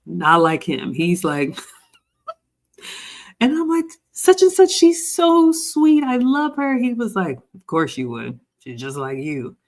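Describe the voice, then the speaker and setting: A woman in her forties hosting a livestream, reading viewer comments aloud and riffing on them in casual chat. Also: deep voice. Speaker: livestream host.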